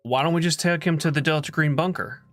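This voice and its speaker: A man's voice: fairly high pitch, fast, faint music behind. A man playing in a tabletop game, talking through plans in a plain, dry way. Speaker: player. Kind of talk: casual tabletop play.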